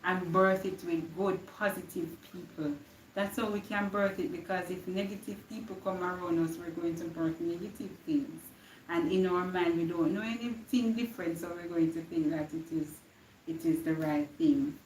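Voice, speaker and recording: A woman's voice: on the low side, fairly even intonation, moderate pace, echoey room, far from the mic, a little hiss or hum, poor audio. A young woman with a Jamaican accent giving an earnest inspirational live-stream talk, slipping into patois now and then. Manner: earnest, preachy, slips into patois. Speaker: live-stream motivational speaker.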